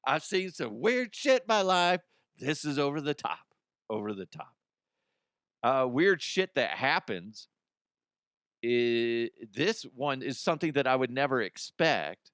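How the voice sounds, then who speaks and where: Casting note: male host, loose profane comedic rant, smooth voice, dry close sound. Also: medium pitch, very animated, measured pace, a bit bright, no room sound. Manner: profane, rambling, acts out imagined people. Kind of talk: casual comedic news rant.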